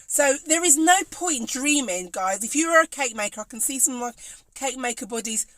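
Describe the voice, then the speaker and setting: Brief: a Birmingham woman, high and lively, chatty live-stream business coach with a dry close sound. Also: brisk, no room sound, low-quality recording. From Birmingham, England. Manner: energetic and chatty, laughs often. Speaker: cake maker and business coach. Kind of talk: live stream chat greeting viewers.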